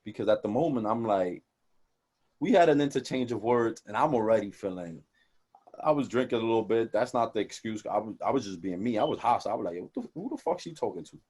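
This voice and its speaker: A young man co-hosting a casual podcast, talking in animated, profane street slang and acting out quoted conversations. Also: lowish voice, fast, slightly rough. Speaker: podcast co-host.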